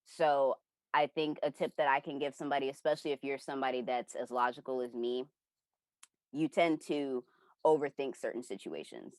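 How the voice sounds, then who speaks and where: Low-voiced woman telling a dream story. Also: normal speed, no room sound. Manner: rambling, animated retelling with quoted inner voices. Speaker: community member sharing a dream. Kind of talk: casual personal storytelling.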